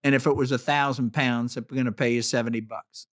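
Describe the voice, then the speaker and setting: A man hosting a casual interview, curious and quick with follow-up questions. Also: mid-range voice, fairly even intonation, fairly bright tone. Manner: curious, asks follow-ups, laughs easily. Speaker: interview host.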